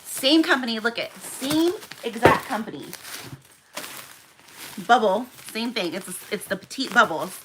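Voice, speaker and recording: There's noise in the background as this young woman, who owns a small shop, packs orders at home and chats freely with her live-stream audience. Her voice sits a little high, swings widely in pitch, and runs a little slow.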